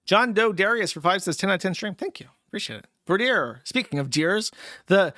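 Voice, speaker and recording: Male host, mocking profane ranter, slightly high pitch, dry close recording. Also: animated, a little fast, sharp tone, no room sound. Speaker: livestream host reading donations. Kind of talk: casual livestream rant.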